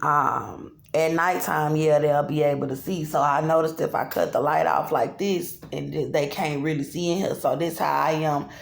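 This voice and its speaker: A woman rants into her phone in a dark motel room, agitated and profane, circling back to the same points. Her voice has a gravelly fry, and the small room gives it a roomy, echoey sound. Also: sits low. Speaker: vlogger. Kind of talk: angry self-filmed monologue. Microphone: phone camera.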